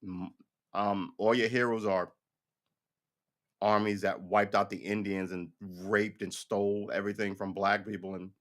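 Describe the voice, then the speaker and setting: A man's voice: on the low side, flat delivery, a little slow. Guy doing a solo podcast stream, rambles, restarts a lot, swears, just says it straight. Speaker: podcast host. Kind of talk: casual solo livestream commentary.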